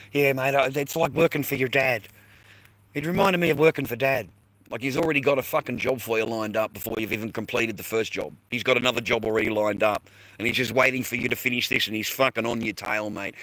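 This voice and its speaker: Australian man, rambling livestream chat, crude slangy talk, forceful bright tone. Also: medium pitch, steady tone, brisk, dry recording, low-quality recording. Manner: swears freely, rambling, slangy. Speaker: livestreamer chatting with viewers.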